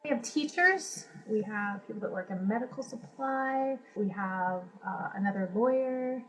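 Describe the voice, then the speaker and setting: Relaxed woman interviewee with faint hiss. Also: fairly high pitch, measured pace, poor audio. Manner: relaxed, chuckling, hesitant. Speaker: interviewee, community actor. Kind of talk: casual interview.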